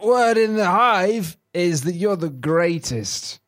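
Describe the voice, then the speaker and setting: A man voicing a bee in a squeaky, shrill, indignant voice. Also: animated, slow, a bit bright, exaggerated voice. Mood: fawning. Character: excitable high-pitched bee.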